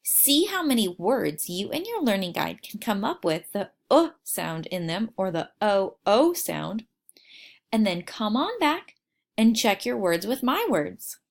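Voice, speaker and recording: A woman teaching a phonics lesson to young children, slowly sounding out words and asking them to repeat. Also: medium pitch, big pitch swings, vocal fry. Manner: slow, exaggerated sounding out of words.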